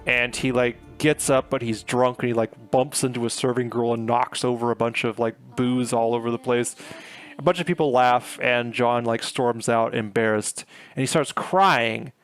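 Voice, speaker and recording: A man's voice: mid-range voice, steady tone, moderate pace, faint music behind. A man giving a chatty, filler-heavy recap of a novel chapter, retelling scenes with paraphrased quotes. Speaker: book reviewer. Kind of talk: casual book recap.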